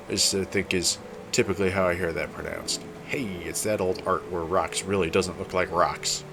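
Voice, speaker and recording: A man's voice: deep voice, normal speed, background noise. A man casually commenting while he plays a game, rambling and chatty. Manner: rambling, chatty, self-correcting. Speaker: gameplay video host.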